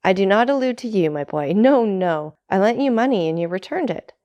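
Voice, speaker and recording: A woman's voice: medium pitch, lively intonation, brisk, dark tone, lo-fi sound, close to an everyday voice. A woman reading aloud, voicing a greedy, fawning young male tailor who talks in a hearty, ingratiating way, in a storybook.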